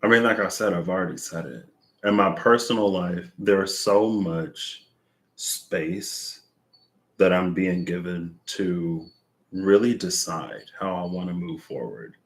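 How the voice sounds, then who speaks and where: Deep-voiced man musing in rambling fashion. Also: takes it slowly. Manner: rambling, searching for words, many fillers. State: out of breath. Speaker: tarot reader. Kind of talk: reflective casual monologue.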